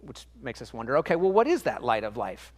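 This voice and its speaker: A man's voice: medium pitch, big pitch swings, a little fast, long reverb tail. A man preaching a sermon in church, earnest and emphatic, stacking up repetitions and restarting phrases as he works through a thought. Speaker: pastor.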